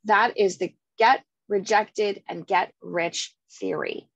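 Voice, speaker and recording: A woman real estate team leader coaching her agents, telling stories with lively acted-out quotes. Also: medium pitch, slow, husky, dry recording, poor audio. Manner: energetic storyteller, acts out voices. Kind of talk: coaching class, reading and storytelling.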